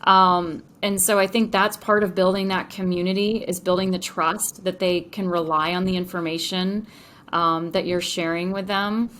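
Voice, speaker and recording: A woman's voice: lowish voice, fairly even intonation, moderate pace, a bit bright, a little hiss or hum. A woman entrepreneur speaking as a podcast guest, enthusiastic and chatty, with frequent fillers. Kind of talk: podcast interview.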